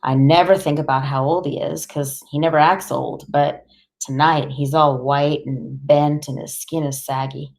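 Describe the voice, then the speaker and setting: A woman's voice: low-pitched, fairly even intonation, a little slow, gravelly, darkish tone. A woman reading a first-person audiobook in a plain, conversational voice. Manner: plain, conversational, as a teenage boy. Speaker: audiobook reader.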